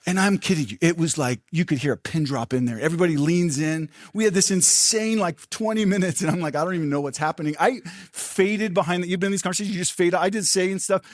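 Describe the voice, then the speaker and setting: An older male pastor delivers a sermon with lively storytelling, slipping into voices for the people he quotes. His voice sits a little high for a man. The sound is dry and close, with no room around it. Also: fast, hardly any pauses, no room sound.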